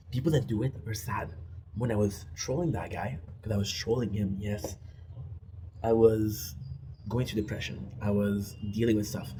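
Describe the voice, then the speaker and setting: Male vlogger, native French speaker, low and warm, candid confessional delivery with faint background noise. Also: low-quality recording. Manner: candid, repetitive, says "right?" often. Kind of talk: confessional monologue. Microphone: self-recorded.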